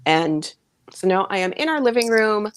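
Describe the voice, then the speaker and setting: A woman's voice: medium pitch, lively intonation, normal speed, dry recording. A woman co-hosting a podcast over a video call from her living room, chatting in a laid-back way. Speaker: podcast co-host.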